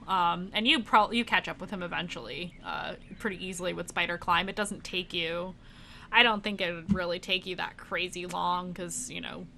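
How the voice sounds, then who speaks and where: A woman's voice: mid-range voice, bright, forceful tone, a little hiss or hum. A woman narrating as dungeon master of a tabletop game, chatty and laughing often, thinking aloud with fillers.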